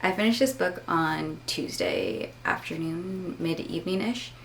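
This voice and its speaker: A woman's voice: on the low side, big pitch swings, measured pace, gravelly, slight background noise. A woman in her twenties talking casually in a reading vlog, gushing and dramatic, sometimes dropping to a whisper. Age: 20s. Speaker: reading vlogger.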